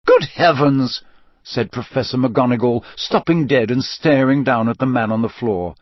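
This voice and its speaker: Guy reading a fantasy book aloud, mid pitch, steady, dry dull sound. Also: moderate pace, no echo. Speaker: narrator. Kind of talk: audiobook narration.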